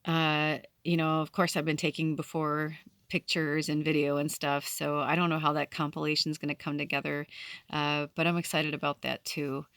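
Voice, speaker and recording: Candid woman in her forties, low-voiced. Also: level tone, normal speed, a bit bright, smooth, no echo. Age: 40s. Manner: candid, swears freely, heartfelt and encouraging. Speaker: spiritual vlogger. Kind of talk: casual late-night vlog talk.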